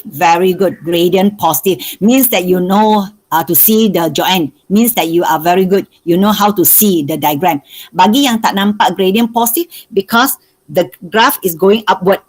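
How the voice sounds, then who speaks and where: A Malaysian woman teaches a maths revision class over a video call. She asks her questions again and again until students answer, in a voice of middling pitch. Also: normal speed, rough recording. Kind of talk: online revision lesson.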